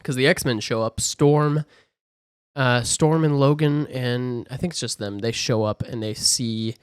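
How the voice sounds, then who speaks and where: A man casually recapping a movie plot, animated and slipping into quick character voices. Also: medium pitch, smooth, no echo, clean studio sound. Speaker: podcast co-host.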